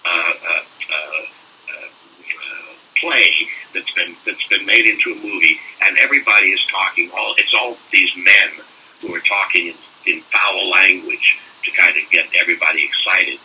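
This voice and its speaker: An older man, a voice actor, telling animated anecdotes in a casual interview and slipping into mock French-accent bits. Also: deep voice, normal speed, slightly rough. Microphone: phone call. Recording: distant phone-call audio.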